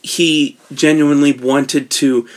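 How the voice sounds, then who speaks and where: A man's voice: fairly high pitch, steady tone, slow. A man co-hosting a casual movie discussion, rambling and loose with many fillers and restarts, recorded on an iPad. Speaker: podcast co-host.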